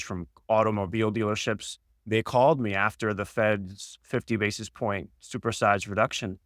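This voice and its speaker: A man speaking as an economist on a podcast, reading off job figures in a steady, data-heavy way. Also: lowish voice, no room sound, studio quality. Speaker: senior economist. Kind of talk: podcast market discussion.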